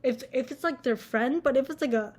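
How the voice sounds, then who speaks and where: Speaking brisk and high, with a darkish tone, this young college-age vlogger rants casually at the camera. She's blunt, curses frequently, and fills her speech with "like."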